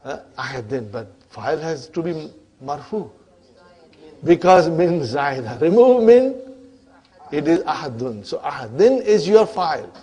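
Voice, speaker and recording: Guy teaching a grammar class, kinda high voice, talks slow, keeps going "huh? you with me?". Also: big pitch swings, warm tone, husky. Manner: asks the students questions and then answers them himself. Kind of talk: classroom lecture.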